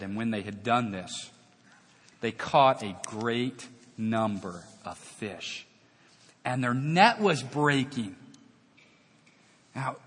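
A man's voice: medium pitch, a bit bright, husky. A man preaching a sermon, telling a Bible story with dramatic acted-out dialogue. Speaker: pastor. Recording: long reverb of a large hall.

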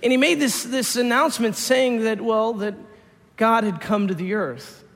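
An earnest middle-aged former shepherd, as a preacher puts him on, recalling his past in a halting, confiding manner. His voice sits fairly high, and a long hall reverb trails behind every phrase. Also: a bit bright, full character voice. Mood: awed. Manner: halting, heartfelt storytelling.

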